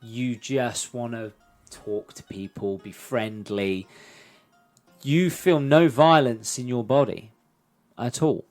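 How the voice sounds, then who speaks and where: A man's voice: mid-range voice, slow, a little mellow, soft background music. A man narrating a tabletop role-playing game as game master.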